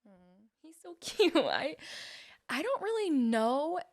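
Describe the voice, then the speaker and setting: A young woman appears as a podcast guest, chatting casually and telling stories about her life, acting out quotes and laughing often. Her high voice swings widely in pitch, she speaks slowly, and her tone is a little mellow.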